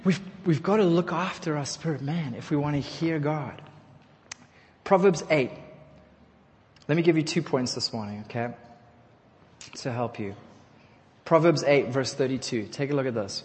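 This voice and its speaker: A man preaching a sermon to his congregation, leading call-and-response and building to loud exhortation. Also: fairly high pitch, moderate pace, long pauses. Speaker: pastor. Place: church hall. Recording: long hall reverb.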